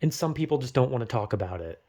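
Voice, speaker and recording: A man's voice: medium pitch, sing-song, fast, warm tone. Rambling young man venting about fear. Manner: rambling, swears a lot, self-critical; urgent, pep-talk bursts. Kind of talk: emotional personal monologue.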